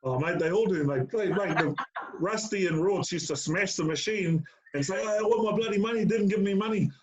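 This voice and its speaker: This interview guest, a middle-aged former player, has a high-pitched voice at normal speed. He tells stories casually, stuffed with fillers, referring to the host as mate, on a dull lo-fi recording.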